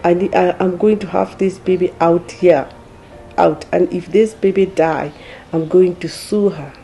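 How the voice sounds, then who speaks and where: A woman with a gravelly, creaky voice recounts her story in a documentary interview. Her tone is dark and mellow, and she pauses often with fillers. Faint music plays underneath. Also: on the low side, steady tone. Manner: hesitant, many pauses with "uh".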